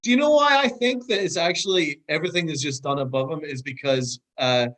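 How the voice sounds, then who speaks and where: A man in casual sports chat on a podcast, chiming in with quick agreement. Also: fairly high pitch, fairly bright tone. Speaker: podcast guest.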